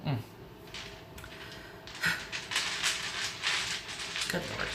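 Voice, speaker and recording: Speaking very slowly in a pushed, bright voice, a tarot reader chats her way through a casual reading. She's emotional and thinks out loud while turning cards, in a roomy recording with faint hiss.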